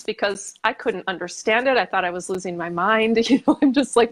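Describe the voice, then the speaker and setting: An American woman speaking as a guest on a podcast, telling a story in an animated way, acting out her reactions and laughing often. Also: medium pitch, brisk, hardly any pauses. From United States. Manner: animated, acts out her own reactions, frequent restarts; laughs while talking. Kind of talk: casual conversation.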